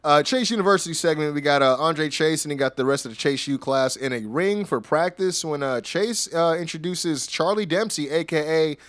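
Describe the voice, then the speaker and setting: A man's voice: fairly high pitch, brisk, hardly any pauses, fairly bright tone, no room sound, studio quality. A man hosting a podcast, animatedly recapping events in a casual, slangy way and laughing often. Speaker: podcast host. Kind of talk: casual wrestling recap chat.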